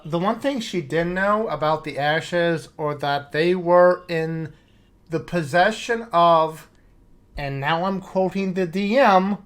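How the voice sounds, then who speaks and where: A middle-pitched voice telling a tabletop game session from the tavern owner's side. The talk is profane and exasperated, full of swearing, and it jumps into quick quoted bits of the other players. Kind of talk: profane comedic session recap.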